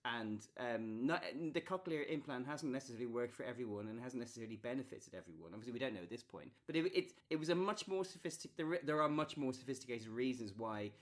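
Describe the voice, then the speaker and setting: A man in casual podcast chat. He thinks aloud, circling back and restarting his sentences as he works out a point. His voice sits at a middle pitch. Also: animated, fast talker, few pauses. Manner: thoughtful, restarts and trails off. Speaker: podcast co-host.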